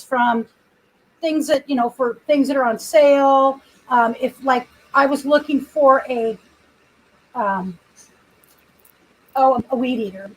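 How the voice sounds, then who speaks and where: Woman streamer, high voice, rambling and chatty, no proper mic. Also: rough recording. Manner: rambling storyteller, chatty with viewers. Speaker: livestream host. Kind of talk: casual livestream chat. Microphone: computer built-in mic, no external microphone.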